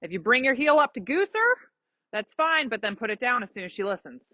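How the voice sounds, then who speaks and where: A woman's voice: a little high, big pitch swings, fairly quick, pushed and bright, no room sound. A woman coaching a rider through a lesson, explaining patiently with examples and giving encouragement. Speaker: riding instructor. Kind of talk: live coaching during a riding lesson.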